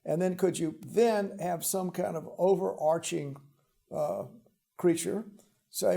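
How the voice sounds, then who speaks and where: An older man hosts a relaxed interview, a little high for a man, with a gravelly edge. His tone is dark and mellow. He stops and restarts often and fills the gaps with "uh.". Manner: halting, many "uh" fillers and restarts. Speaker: host. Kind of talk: casual interview chat.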